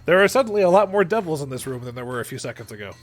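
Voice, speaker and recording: A man's voice: on the high side, sing-song, racing, faint music behind. Man, game master, online call mic, patient rule explanations, playful combat narration.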